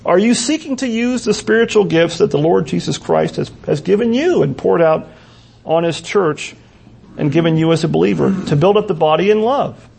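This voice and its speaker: A man preaching a sermon as pastor, earnest, with pauses and repeated phrases. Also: on the high side, animated, creaky, a little mellow, slight background noise.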